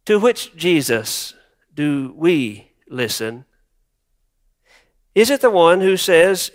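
A man's voice: high-pitched, expressive, normal speed, clean tone. A male pastor preaching a sermon, reflective and wryly humorous, repeating words for emphasis.

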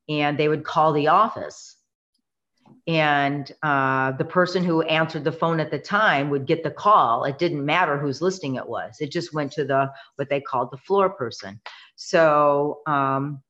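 A middle-aged woman, a real estate coach and podcast co-host, telling a story with animated, dramatic energy and acting out quotes. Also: deep voice. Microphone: remote call connection. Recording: dull lo-fi internet call audio.

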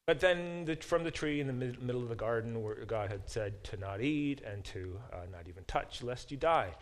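Man, professor, classroom lecture, halting delivery, reads verses aloud. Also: mid-range voice, expressive. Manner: halting, many fillers and restarts. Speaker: professor teaching a Bible class.

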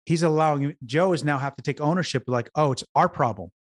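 A man's voice: fairly high pitch, a little fast, no echo, clean studio sound. A man who is a business consultant, a guest on an interview podcast, telling stories earnestly, repeating words and restarting as he goes. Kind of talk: conversational storytelling interview.

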